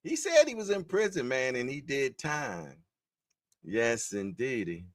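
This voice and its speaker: Male stream host, slangy and jokey, reads chat aloud and laughs a lot; unhurried delivery, bouncy pitch. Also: sing-song, dry recording, clean studio sound. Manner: laughs often and reads viewer comments aloud; loose, joking and slangy. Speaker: livestream host. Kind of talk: casual live-stream chat.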